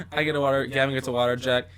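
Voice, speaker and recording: A young man co-hosting a casual podcast chat, playful and full of quick quips. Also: mid-range voice, fairly bright tone, smooth. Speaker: podcast co-host.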